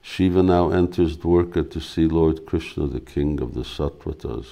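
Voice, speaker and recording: A man, a spiritual teacher, reading a devotional play aloud with measured, steady narration. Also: extremely low pitch, gravelly.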